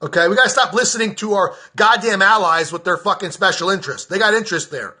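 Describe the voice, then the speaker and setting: A man delivering a furious political rant to camera, with a high, forceful voice that keeps breaking into shouts. His talk is blunt and profane, and he hammers his points as a podcaster addressing his own audience. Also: fast talker.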